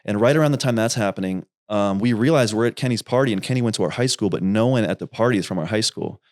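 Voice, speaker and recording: Young male guest, low voice, rambling animated storyteller, casual and profane. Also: fast. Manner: rambling, animated, swears freely. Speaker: podcast guest, YouTuber.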